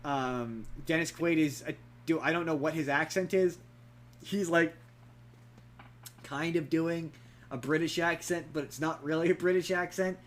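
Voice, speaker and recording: A man's voice: a little high, measured pace. Chatty young man reviewing movies. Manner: rambling, animated, acts out quotes. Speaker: podcast co-host. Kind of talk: casual movie review chat.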